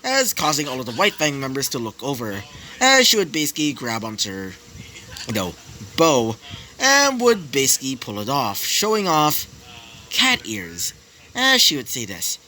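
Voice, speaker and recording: A man's voice: medium pitch, wildly swooping pitch, normal speed, pushed and bright, a little hiss or hum, poor audio. Rambling male fan-story narrator. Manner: rambling, many fillers and restarts.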